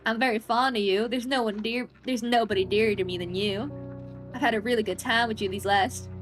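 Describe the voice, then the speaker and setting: An eerily offhand female gravedigger from a horror visual novel, sounding reasonable and strangely empty as she explains herself, read out by a woman streamer. Her voice sits fairly high and light, with faint game music behind her. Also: brisk, fairly bright tone, lightly acted. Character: offhand cheerful female gravedigger, calmly burying a friend.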